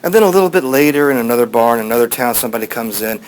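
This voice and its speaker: A male teacher tells an ancient story to his class in an easy, rambling way, full of fillers and asides. His voice sits at a middle pitch. A faint hiss runs underneath. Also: expressive, very fast, few pauses, rough recording.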